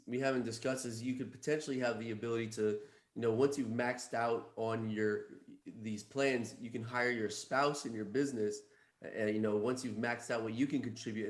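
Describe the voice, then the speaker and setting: A man with a mid-pitched voice hosts a podcast interview and chimes in with his own points. He talks in a conversational way, with fillers along the way. His voice carries a roomy echo. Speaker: host, accountant.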